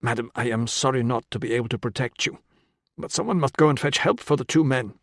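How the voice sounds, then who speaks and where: A man's voice: medium pitch, a little fast, no room sound, lightly acted. A man voicing an anxious, apologetic, formal injured man with a skinny frame. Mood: pained.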